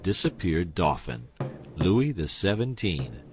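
A man's voice: sits low, very animated, slow, over music, heavily acted. A man voicing a sly old balding con-man who poses as a king, speaking in folksy, sobbing tones. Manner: folksy, sobbing, rustic grammar.

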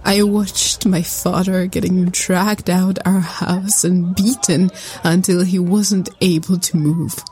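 A woman narrating a scripted first-person story in a soft, sombre reading. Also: fairly low pitch, little pitch movement, slow pace, poor audio.

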